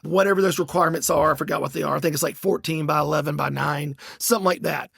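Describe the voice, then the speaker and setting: A middle-aged man hosting a podcast, telling a story in a casual, animated and exasperated way, with lots of restarts. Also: on the high side, quick pace, creaky, slightly rough, no echo, clean studio sound. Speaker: podcast host.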